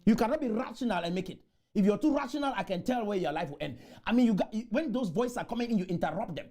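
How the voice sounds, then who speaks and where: A man from Cameroon, giving a motivational conference speech full of repeated chants that burst into shouts. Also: high-pitched, animated, fast talker. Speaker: motivational speaker. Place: conference room.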